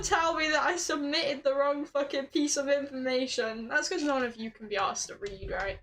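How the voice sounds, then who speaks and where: A woman's voice: high-pitched, normal speed, hardly any pauses, faint music behind, low-quality recording. A young woman streaming a puzzle game, reading game text aloud and swearing in frustration. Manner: swears a lot, exasperated, bursts into loud laughing rants. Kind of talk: casual live game commentary.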